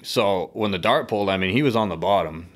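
A man from the northeastern United States telling a harpooning story as a podcast guest, swearing freely and animated in the retelling. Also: fairly low pitch, a little fast. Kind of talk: casual storytelling over beers.

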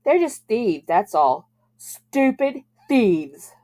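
A woman's voice: fairly high pitch, big pitch swings, drawn-out words, warm tone, pitched above the performer's own voice, heavily acted. A woman reading aloud, voicing an earnest, level-headed teenage boy in a storybook. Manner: earnest, matter-of-fact.

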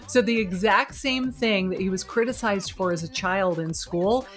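A woman in her fifties, a video marketing coach, giving an energetic, emphatic and encouraging motivational talk straight to camera. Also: medium pitch, moderate pace, soft background music.

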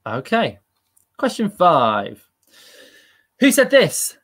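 A man's voice: on the high side, lively intonation, moderate pace, fairly bright tone. A man hosting a live-streamed quiz, upbeat and chatty and laughing at himself. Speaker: quiz host.

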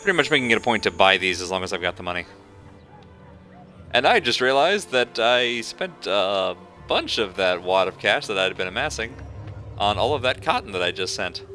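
A man's voice: on the low side, big pitch swings, normal speed, bright, forceful tone, faint music behind. A man streaming a video game, chatting casually and joking at the characters as he plays. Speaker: gaming streamer. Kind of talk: casual let's-play commentary.

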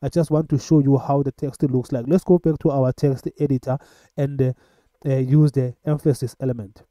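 A man teaching web coding in a screen-recorded tutorial, talking in a halting way with many filler sounds. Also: mid-range voice, steady tone, warm tone, no room sound. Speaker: coding instructor.

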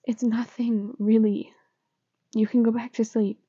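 A woman's voice: a little high, flat delivery, a little slow, warm tone, breathy edge, dry recording, muffled recording. A woman voicing a shaky, upset teenage boy who mumbles and often whispers, in a whispered role-play.

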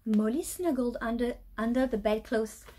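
A woman teacher reading a children's storybook aloud, with a light British accent, in a lively storytelling way. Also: on the high side, moderate pace. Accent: British English.

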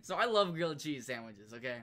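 A man's voice: a little high, fairly quick. A man streaming, ranting casually with lots of swearing and laughter. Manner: profane, animated, laughs often.

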